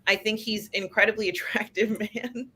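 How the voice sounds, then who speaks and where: A woman's voice: medium pitch, fairly even intonation, moderate pace, bright, forceful tone, husky. A woman film critic on a panel, speaking enthusiastically and chattily, often laughing and restarting. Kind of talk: casual panel discussion.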